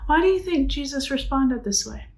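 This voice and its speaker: A woman's voice: high voice, animated, normal speed, vocal fry, low-quality recording. A woman teaching a middle school Bible lesson, chatting casually and asking the class questions that she then answers herself. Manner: casual and conversational, with frequent "like". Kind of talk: church youth Bible lesson.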